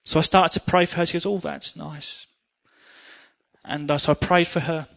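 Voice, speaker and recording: A middle-aged man preaching a sermon, telling personal stories in an earnest, animated way. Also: on the high side, fast.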